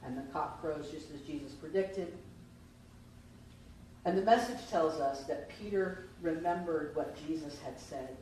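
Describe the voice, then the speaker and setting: In a church sanctuary, a woman minister talks through her Easter sermon in a low, mellow, unhurried voice, putting questions to the congregation. The distant mic leaves the hall sounding very echoey, with faint noise.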